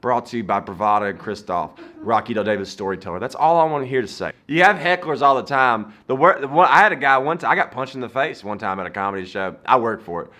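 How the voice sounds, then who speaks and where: Male comic in his 30s, bright tone, animated storyteller, in a garage. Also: medium pitch, fast talker, few pauses. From Southern United States. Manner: animated, playful, swings loud and soft. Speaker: comedian. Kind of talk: comedic storytelling.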